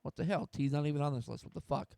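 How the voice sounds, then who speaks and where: A man's voice: a little high, racing, vocal fry, warm tone, no room sound. A young man from the United States hosting a solo sports talk stream, getting fired up, swearing and restarting his sentences. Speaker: host.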